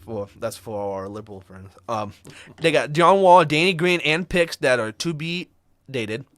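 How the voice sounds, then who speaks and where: Male co-host, mid pitch, casual chatty delivery, dry close mic. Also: animated, a bit bright, dry recording. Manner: rundown of trades, fillers and quick asides. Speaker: podcast co-host. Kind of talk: casual sports chat.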